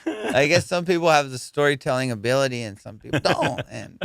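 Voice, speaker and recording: A man's voice: mid-range voice, expressive, a little fast, vocal fry, a bit bright, no echo, studio quality. A man hosting a comedy podcast, swearing freely and telling stories in casual, teasing chat. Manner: profane, storytelling, teasing. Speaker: podcast host.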